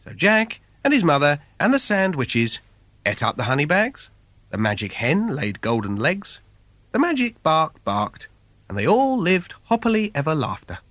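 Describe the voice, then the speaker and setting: A man's voice: fairly high pitch, wildly swooping pitch, moderate pace, a bit bright, no room sound. A man reading a comic fairy tale for children in a playful, sing-song storyteller manner. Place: recording studio. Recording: dry studio recording.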